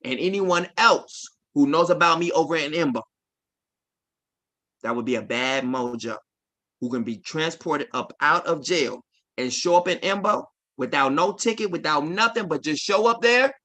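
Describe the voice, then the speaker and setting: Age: 40s. Sex: man. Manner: forceful, insistent preaching. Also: a little high, animated, normal speed. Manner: swings between quiet asides and loud emphatic declarations; repetitive, insistent cadence. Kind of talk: livestreamed preaching.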